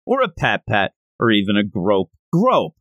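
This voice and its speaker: A brash, outspoken young comic-book heroine, as a man reads her. The tone is plain and close to the reader's own voice. The sound is lively in pitch and dry. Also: measured pace, no room sound, lo-fi sound, full character voice. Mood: cheeky. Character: brash, blunt young woman adventurer.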